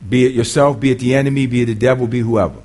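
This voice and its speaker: A man's voice: mid-range voice, steady tone, rapid-fire, darkish tone. A man preaching a sermon in a conversational way, quizzing the congregation and often repeating his words.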